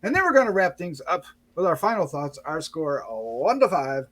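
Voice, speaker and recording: A man's voice: a little high, very animated, normal speed, fairly bright tone. A man hosting a casual review show, playful and chuckling, sometimes stumbling over his words. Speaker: podcast host.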